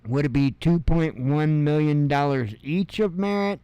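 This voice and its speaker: A man's voice: fairly high pitch, measured pace, clean tone, dry recording, lo-fi sound. Sarcastic man in his fifties reading headlines. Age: 50s. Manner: sarcastic asides, chuckles between headlines. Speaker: news show host. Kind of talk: casual headline reading with commentary.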